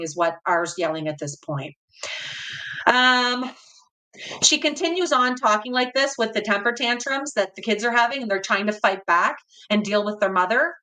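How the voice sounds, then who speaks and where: A woman's voice: medium pitch, moderate pace, sharp tone, low-quality recording. A woman hosting a channel, reading journal excerpts aloud and adding somber, dismayed comments to her viewers. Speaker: host.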